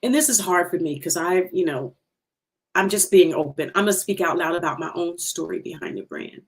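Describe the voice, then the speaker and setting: A middle-aged woman hosting a livestream, sharing an emotional personal testimony, slow and heartfelt, repeating phrases for emphasis, her voice breaking at times. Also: fairly low pitch.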